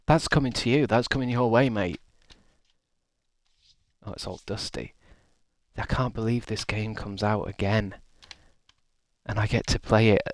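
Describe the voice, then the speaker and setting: Chatty streamer, low voice. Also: male voice. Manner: rambling, chatty, reads and answers chat. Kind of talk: casual live-stream chat.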